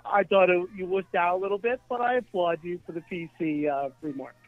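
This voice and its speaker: A man's voice: high-pitched, a little fast, dry recording, phone-quality sound. A man calling in to a show, teasing the guests and swearing casually. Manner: teasing, profane. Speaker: caller. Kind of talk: casual call-in banter.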